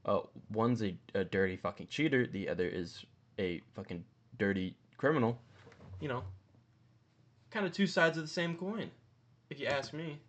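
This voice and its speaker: A man talks in a loose, rambling way and swears freely. His voice sits at an ordinary middle pitch but jumps up sharply when he stresses a point. He sounds like someone giving casual commentary to an online audience. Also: normal speed, pauses often. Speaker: mma commentary host. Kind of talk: casual profane ranking commentary.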